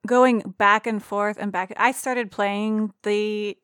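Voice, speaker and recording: A woman's voice: medium pitch, steady tone, slow pace, a bit bright, clear, resonant tone, dry recording, clean studio sound. A woman hosting a casual podcast chat, eager and chatty. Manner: chatty, eager, frequent laughs.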